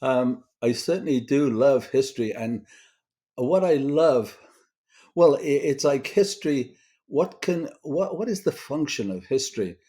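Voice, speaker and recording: A man's voice: mid-range voice, animated, unhurried, warm tone, breathy edge. An older man from Britain, a guest screenwriter telling rambling stories in a casual interview, full of fillers and restarts.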